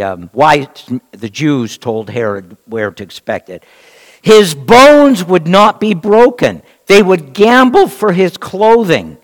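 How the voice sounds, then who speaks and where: A man's voice: a little high, fairly bright tone. Emphatic preacher man in a reverberant hall. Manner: emphatic, rhetorical, with dramatic pauses. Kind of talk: sermon, Bible teaching.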